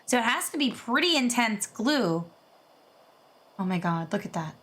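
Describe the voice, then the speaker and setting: A woman streamer chatting casually as she reacts to videos, excitable and gushing, swearing freely. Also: a little high, normal speed, breathy edge. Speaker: VTuber streamer.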